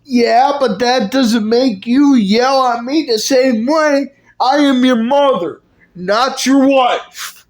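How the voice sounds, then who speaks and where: A bossy, exasperated mother figure snaps out curt scoldings, as a woman puts her on. She talks slowly and firmly in a fairly high voice. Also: darkish tone.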